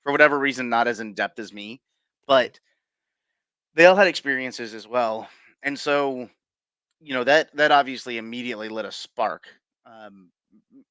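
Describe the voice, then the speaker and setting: Guesting on a casual interview show, a paranormal investigator tells rambling stories with many fillers and restarts, chuckling throughout. His mid-range voice is bright, forceful, clear, and resonant. The close, dry recording has no echo.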